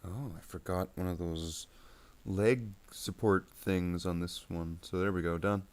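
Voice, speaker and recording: A man's voice: deep voice, steady tone, unhurried, darkish tone. A man who paints miniatures on a stream, rambling and joking to himself as he works. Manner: rambling, jokey, talks to himself. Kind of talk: casual chat while painting.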